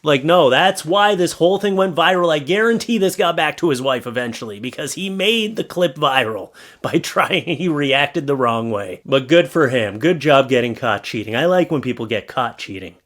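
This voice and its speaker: A man hosting a casual reaction commentary, sarcastic and mocking, reading texts aloud in animated voices. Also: a little high, moderate pace, few pauses. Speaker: YouTube host.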